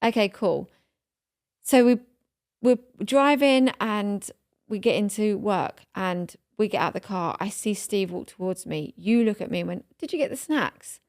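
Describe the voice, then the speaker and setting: Podcast co-host, woman in her thirties, mid-pitched, chatty, emotional storyteller with lots of fillers. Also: measured pace, a little mellow, no room sound, studio quality. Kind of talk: casual chat.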